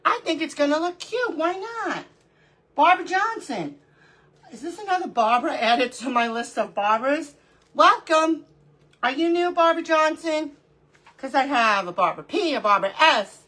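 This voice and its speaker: A middle-aged woman with a high, bright, forceful voice and lively intonation hosts a live crafting stream at normal speed. She chats casually, greets viewers by name, and talks to herself while she works.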